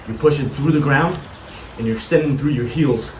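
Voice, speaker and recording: A man coaching a boxing cardio workout live, energetic and urging the viewer on with short commands. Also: medium pitch, moderate pace. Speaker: fitness coach. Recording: far-off mic with echo and insect noise.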